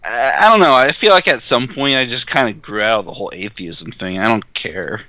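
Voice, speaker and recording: A man with a very bright, sharp-edged voice joking through a casual podcast chat. He laughs at his own lines as he goes. The sound is close and dry, with no room around it. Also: medium pitch, fairly quick, no echo, poor audio.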